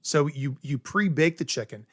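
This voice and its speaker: A man's voice: fairly high pitch, animated, normal speed, a bit bright, dry recording, clean studio sound. A middle-aged man from South Carolina, a chef guest on an interview podcast, explaining cooking in an eager, step-by-step way and often checking in with "right?". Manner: enthusiastic, explains step by step with many "right?" tags. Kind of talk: casual interview chat.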